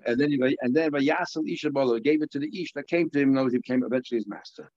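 A man teaches a Talmud lesson at a medium pitch, stopping and restarting as he works through each point. He breaks into stories along the way, and the recording sounds slightly dull. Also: darkish tone. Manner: halting explanation with restarts and storytelling.

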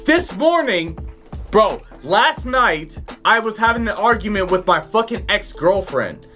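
A man, co-hosting a casual podcast, telling stories in an animated, profane way. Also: high voice, measured pace, soft background music. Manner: animated storytelling, swears a lot, acts out voices loudly. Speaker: podcast co-host.

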